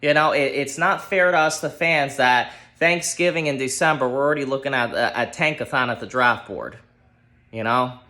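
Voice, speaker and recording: A man's voice: medium pitch, moderate pace. Fired-up man ranting about football. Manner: heated, profane, exasperated, shouts at times. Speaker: sports fan ranting on his channel. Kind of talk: angry solo sports rant.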